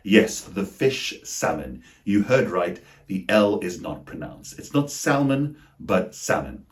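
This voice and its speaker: Low-voiced man teaching pronunciation. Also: lively intonation. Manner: slow, deliberate, over-articulated example words. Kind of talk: scripted pronunciation lesson.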